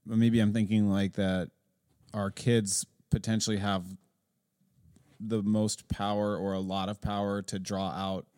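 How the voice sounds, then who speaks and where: A man in his forties hosting a casual podcast chat, halting and restarting often, quick to laugh. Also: lowish voice, level tone, darkish tone, smooth, no room sound. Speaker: podcast host.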